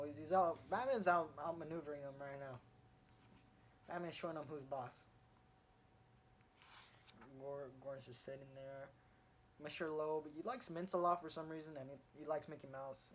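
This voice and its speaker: A young man casually retelling a comic book story, rambling with fillers and restarts and getting excited in bursts. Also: fairly high pitch. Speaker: comic reviewer. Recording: faint background noise, home recording.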